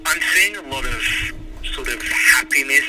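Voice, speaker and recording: Australian male reporter phoning in, unsure delivery, distant, music clearly under. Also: medium pitch, moderate pace. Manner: hesitant, searching for words. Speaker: political reporter. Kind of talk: phoned-in news report.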